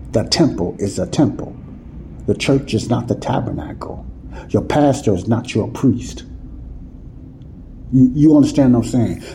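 A man's voice: mid-range voice, dark tone, slight background noise, rough recording. A man teaching the Bible in an emphatic, conversational preaching style, often checking that listeners follow. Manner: repeats "you see what I'm saying?" to listeners.

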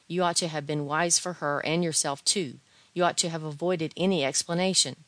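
A woman reading aloud, voicing a timid, fussy gentleman who gives solemn advice in a mournfully comic tone. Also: sits low, steady tone, fairly quick, no room sound, lightly acted. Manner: solemn, lamenting, earnest advice.

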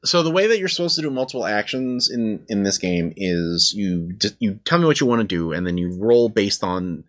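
A man running a tabletop game as game master, explaining rules in a halting way with lots of fillers and restarts. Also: lowish voice, big pitch swings, fairly bright tone.

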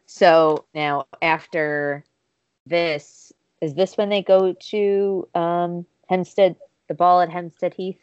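In a dry, dull-sounding recording, a woman co-hosting a podcast casually walks through a show's episode, acting out the dialogue as she retells scenes. Her clean voice is on the low side, and she takes it slowly.

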